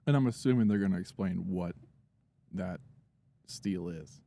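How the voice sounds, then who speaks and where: A young man co-hosting a casual review chat, relaxed and asking naive questions. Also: low-pitched, unhurried, creaky. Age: young adult. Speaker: co-host.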